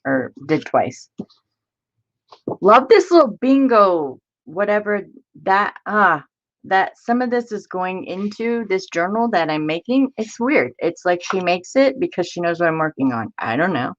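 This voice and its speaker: A woman hosting a casual crafting live stream, chatty and excitable as she greets viewers by name. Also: lowish voice, moderate pace, muffled recording. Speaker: crafting channel host.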